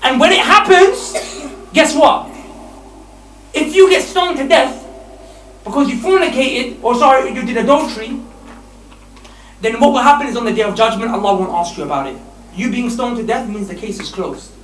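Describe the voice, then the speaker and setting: A man preaching a lively sermon to young men, emphatic and animated, often laughing mid-sentence. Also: extremely high pitch, normal speed, long pauses. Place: mosque hall. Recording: echoey hall, distant mic, faint hiss.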